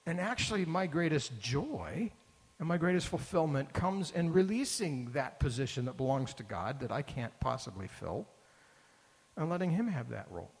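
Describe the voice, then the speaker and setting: A man's voice: on the high side, very animated, normal speed, slightly rough. A man preaching a sermon as pastor, earnest and building to emphatic repeated phrases. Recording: long hall reverb.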